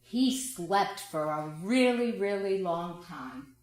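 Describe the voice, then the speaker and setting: A woman, a school director, reading a children's picture book aloud in a playful, expressive way, asking the listeners questions. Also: on the low side, takes it slowly. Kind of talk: children's storybook read-aloud. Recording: very echoey room.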